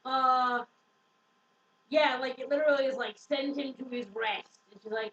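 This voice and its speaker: Young woman, high voice, tons of "like" and swearing, echoey room, far-off mic, dull sound. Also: steady tone, normal speed, a bit bright, slight background noise. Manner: swears freely, lots of "like", acts out quotes. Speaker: book reviewer. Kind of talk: casual book recap.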